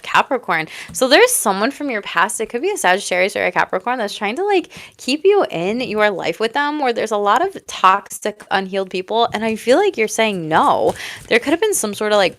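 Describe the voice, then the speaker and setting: An excitable woman in the middle of a live tarot reading, talking straight to her viewers. Her tone is loose and casual, with plenty of swearing. She gushes over the cards and laughs often. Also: medium pitch. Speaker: tarot reader.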